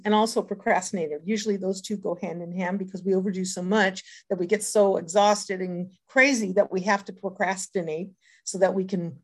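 Rambling older woman sharing her habits. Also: mid-range voice. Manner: rambling, lots of hesitant fillers; earnest and reflective. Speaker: recovery group member. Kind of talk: personal sharing talk.

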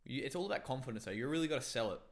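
A man's voice: medium pitch, lively intonation, very fast. A young man chatting casually and playfully, swearing often and slipping into put-on voices. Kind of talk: casual chat, trying out impressions.

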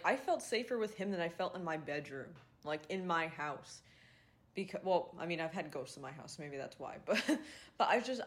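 A young woman hosting a podcast, telling a personal dating story in a casual confessional way, swearing and fighting back tears. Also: on the low side. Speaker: podcast host.

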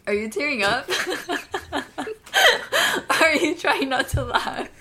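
A woman's voice: high-pitched, wildly swooping pitch, slow pace, bright, forceful tone. A young woman co-hosting a podcast in casual chat, laughing easily and leaning on "like". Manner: laughs easily, frequent "like" fillers. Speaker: podcast co-host.

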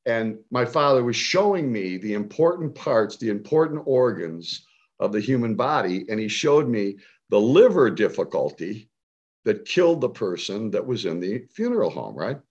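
A man in his seventies from the Cleveland area of the United States, a speaker on health and nutrition, tells a personal story with passion. He's emphatic, his pitch climbing high when he gets stirred up. His voice is slightly rough and the audio sounds dull.

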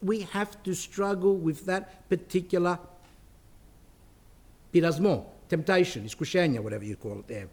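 A man's voice: high-pitched, normal speed, a little mellow. A middle-aged man, a priest, giving a spiritual talk in a conversational way, with restarts and asides.

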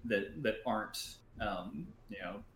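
A man's voice: fairly low pitch, expressive, fairly bright tone, a little hiss or hum. Stumbling, roomy-sounding male podcaster. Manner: halting, many restarts and stumbles; swears freely, laughs often. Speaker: podcast co-host. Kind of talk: casual chat.

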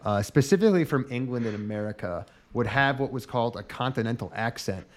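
A man's voice: mid-range voice, expressive, a little fast. A man co-hosting a casual podcast, rambling and swearing as he explains, often trailing off. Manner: rambling, profane, trailing off at the ends of thoughts. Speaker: podcast co-host.

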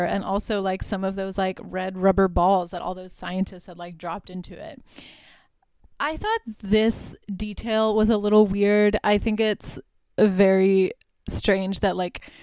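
A woman's voice: mid-range voice, darkish tone, smooth, no room sound. A woman hosting a podcast, casually recapping a horror film with lots of "like" and frequent laughs. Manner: chatty, lots of "like", laughs often. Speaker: podcast host.

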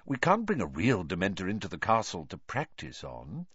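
Man doing a calm kindly teacher explaining stuff, lowish voice, dry dull audiobook sound. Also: normal speed, breathy edge, dry recording, heavily acted. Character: kind, thoughtful adult male teacher, patient.

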